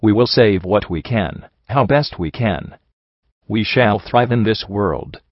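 A man voicing a calm, measured female alicorn goddess who speaks for a hive mind, in an audiobook reading. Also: lowish voice, no room sound. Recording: dull dry recording.

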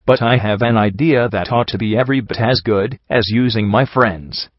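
A man's voice: mid-range voice, normal speed, dry recording, natural voice. A man reading a storybook voices a refined, composed female unicorn who speaks in clipped, terse lines. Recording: dull lo-fi recording.

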